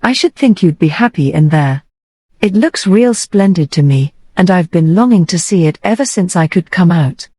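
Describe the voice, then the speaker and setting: A woman's voice: fairly low pitch, lively intonation, normal speed, dark tone, breathy edge, dry recording. A woman reading the part of a meek, poor young boy in an audiobook. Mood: wistful. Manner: meek, stammering.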